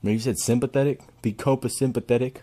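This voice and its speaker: A man's voice: medium pitch, steady tone, fast, warm tone. A man streaming casual reaction commentary, cracking crude jokes and laughing often.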